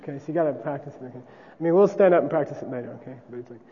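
A man's voice: on the high side, very fast, big-room sound, dull audio. A man teaching a class casually, often checking with "okay?" and demonstrating chants aloud.

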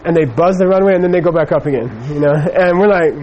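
A man's voice: fairly high pitch, quick pace, lo-fi sound, slight background noise. Rambling male meditation teacher telling a story. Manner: rambling, many fillers, storytelling. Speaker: Buddhist teacher. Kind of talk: dharma talk with personal anecdote.

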